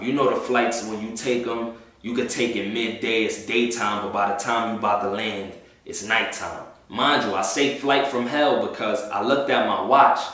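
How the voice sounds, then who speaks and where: A man's voice: mid-range voice, fairly bright tone, recorded from a distance. A man telling a personal faith testimony in a casual storytelling way, full of slang and with acted-out voices of the people in it. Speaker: testimony speaker. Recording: very echoey room.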